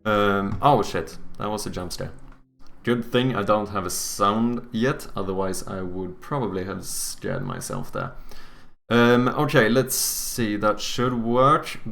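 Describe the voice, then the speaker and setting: A man's voice: lowish voice, animated, takes it slowly, vocal fry, fairly bright tone, faint music behind. A man streaming live, thinking aloud casually as he codes and plays, swearing freely. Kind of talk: live stream commentary while coding and gaming.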